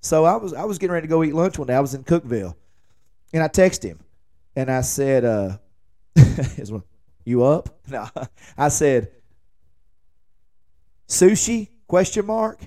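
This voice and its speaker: A man's voice: medium pitch, normal speed, pauses often. Rambling man telling a story. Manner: rambling, joking, animated when quoting himself. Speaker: podcast host. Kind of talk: casual late-night storytelling monologue.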